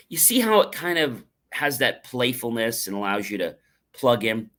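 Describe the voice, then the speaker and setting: Bright-voiced man giving a motivational talk. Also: medium pitch, big pitch swings, normal speed. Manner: playful, lingers on words, acts out dialogue. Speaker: livestream host. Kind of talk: motivational talk with acted examples.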